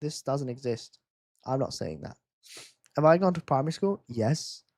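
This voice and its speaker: A man's voice: medium pitch, lively intonation, moderate pace, darkish tone, dry recording, studio quality. Joking male streamer. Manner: teasing, joking chat with viewers. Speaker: streamer running a race quiz. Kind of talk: live stream commentary.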